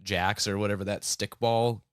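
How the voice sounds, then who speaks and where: A man's voice: on the low side, fairly even intonation, normal speed, smooth, dry recording, clean studio sound. A young man hosting a casual podcast, joking, swearing and rambling with lots of fillers. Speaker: podcast host.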